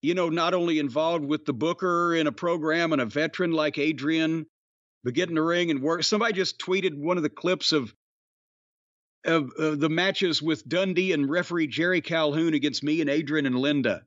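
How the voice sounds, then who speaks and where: High-voiced man telling rowdy stories. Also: moderate pace, no room sound, highs cut off. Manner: rambling, profane, animated storytelling. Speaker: former pro wrestler telling stories. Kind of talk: casual podcast chat.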